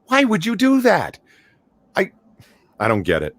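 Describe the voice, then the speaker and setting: Animated ranting man on a stream. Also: high voice, a little slow. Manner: animated, ranting, swears freely. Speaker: co-host. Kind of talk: casual stream chat. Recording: dry close-miked audio.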